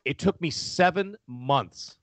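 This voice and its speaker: Loud, animated man telling a story. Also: on the high side, slow, no echo. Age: middle-aged. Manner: animated, talks loudly with many restarts and laughs. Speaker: podcast guest. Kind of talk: casual storytelling on a podcast. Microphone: studio microphone.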